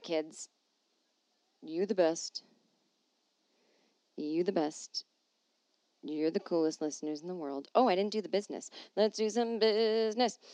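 With a voice on the low side and no room sound, a middle-aged woman comedian loosely chats through listener emails on the podcast she hosts from home. Her manner is rambling and self-deprecating, full of jokey asides.

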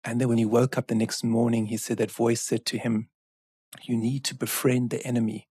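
Earnest man, husky voice. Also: medium pitch, little pitch movement, darkish tone, dry recording, studio quality. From South Africa. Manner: earnest, measured, with frequent restarts and asides. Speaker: author and guest. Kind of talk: reflective storytelling in conversation.

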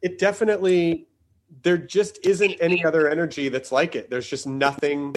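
A man's voice: on the high side, steady tone, moderate pace, a little hiss or hum. A man from Tennessee hosting a casual interview, talking in long rambling sentences full of restarts. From Southern US, Tennessee. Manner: rambling, many restarts and fillers. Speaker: podcast host.

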